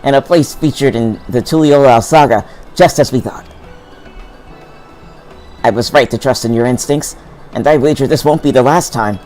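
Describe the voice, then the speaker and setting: A man's voice: mid-range voice, normal speed, long pauses, darkish tone, soft background music. A man playing a game with a friend, reading character lines in a light playful voice. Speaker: player voicing game characters. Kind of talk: casual co-op game voice-acting.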